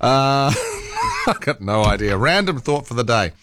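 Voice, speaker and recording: Huge pitch swings mark this man's mid-range voice, delivered at a measured pace with a slightly bright quality and no echo. He's a New Zealand talk radio host rambling casually on a studio microphone, with many fillers and restarts.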